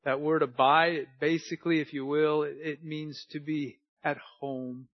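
Earnest preacher guy, goes soft then loud, dry close sound. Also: on the high side, level tone, measured pace, no echo. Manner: earnest, swings from hushed to emphatic. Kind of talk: sermon. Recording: dull lo-fi dry recording.

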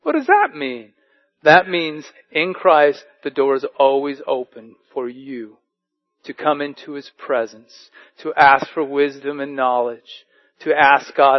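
A male pastor preaching, his voice sitting a bit above the usual male range. He moves between slow scripture readings and lively storytelling. The recording sounds muffled and lo-fi. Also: a little high. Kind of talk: sermon.

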